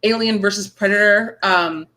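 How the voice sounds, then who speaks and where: This woman, a horror writer in her thirties, talks at a moderate pace with a medium pitch, and the recording is rough. Telling stories loosely in an interview, she animates each tale by imitating the people she quotes.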